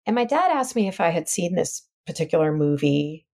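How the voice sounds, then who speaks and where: A woman's voice: fairly low pitch, very animated, a little fast, warm tone. A middle-aged woman, a podcast guest, telling a painful family story in a candid, heartfelt way, trailing off and restarting her thoughts. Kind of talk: emotional personal interview.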